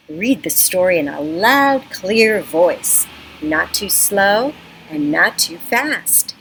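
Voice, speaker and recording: Slow, lively librarian woman reading aloud. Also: fairly low pitch, a little hiss or hum, poor audio. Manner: animated, teacherly, coaxing young listeners. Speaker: children's librarian. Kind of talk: children's storytime read-aloud. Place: front porch outdoors. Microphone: computer webcam. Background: neighborhood sounds.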